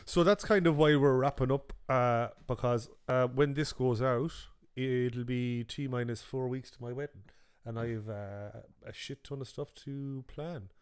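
A man's voice: medium pitch, unhurried, hardly any pauses, clean tone. Guy hosting a podcast, laid back, rambles on, says you know constantly. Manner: relaxed, rambling, lots of fillers like 'you know'. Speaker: podcast host. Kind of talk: casual chat.

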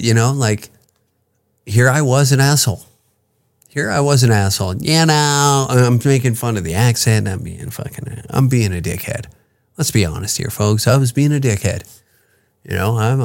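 A man's voice: mid-range voice, gravelly. A male podcast host ranting comedically in a crude, profane, self-mocking way. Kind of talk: comedic rant.

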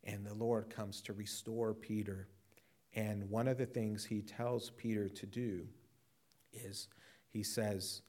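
Man, pastor, sermon, earnest, repeats words for emphasis, lowish voice. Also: little pitch movement, slow, darkish tone.

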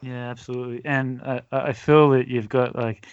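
Relaxed, hesitant man host. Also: medium pitch, a little fast, smooth, no echo. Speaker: podcast host. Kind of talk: casual interview. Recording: dry, slightly dull audio.

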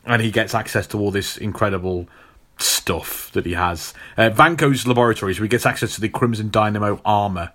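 A man's voice: lowish voice, fairly even intonation, fairly quick, a bit bright. A man hosting a casual chat, retelling a comic book story in a rambling way with many fillers.

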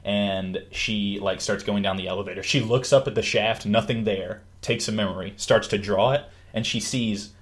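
His voice sits on the low side, and he speaks at a normal speed with hardly any pauses. Hosting a casual talk, the man animatedly recounts a book's story, bringing its characters to life with yelps and laughs.

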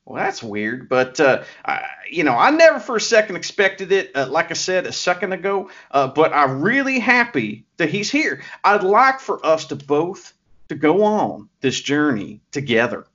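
A man's voice: fairly high pitch, sing-song, normal speed, a bit bright, highs cut off. A man putting on the voice of a cocky young male pro wrestler, swaggering and jokey, with a put-on Southern US drawl. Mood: boastful.

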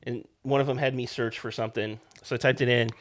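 A man's voice: medium pitch, steady tone, fast. Rambling man telling a story. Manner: rambling storyteller, many "like" fillers, swears. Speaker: podcast co-host. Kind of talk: casual chat.

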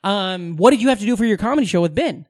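A man's voice: sits high, quick pace, no room sound, studio quality. A young man co-hosting a podcast, chatting casually and telling stories with lots of swearing. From Omaha, American Midwest. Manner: animated storyteller, swears freely. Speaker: podcast co-host. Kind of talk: casual chat.

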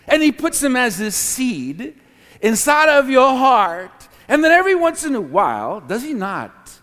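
A man preaching a sermon, swinging from booming declarations to hushed, near-whispered asides, with laughs between phrases. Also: very animated, unhurried. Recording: long hall reverb.

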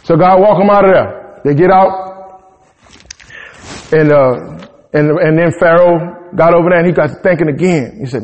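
A man preaching a sermon, retelling the story in a humorous, slangy, animated way. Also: a little high, unhurried, long pauses. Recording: dull sound in a reverberant hall.

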